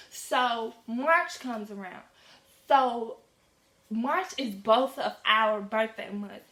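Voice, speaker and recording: Teen girl, casual storytime, slangy, animated, voice sits a bit high, echoey room. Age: teens. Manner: animated, slangy, acts out quoted dialogue. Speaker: vlogger.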